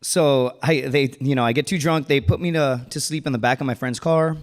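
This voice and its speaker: A man's voice: medium pitch, fairly even intonation, fairly quick, a little hiss or hum. A man in his thirties telling a true story on stage, casual and joking, with slangy asides and chuckles. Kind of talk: live personal storytelling. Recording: reverberant hall.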